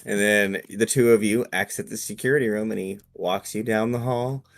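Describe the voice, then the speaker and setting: A man with a somewhat low voice running a live tabletop role-playing game. He narrates the scene in a relaxed, storytelling way and explains the rules as he goes. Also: normal speed. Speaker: game master.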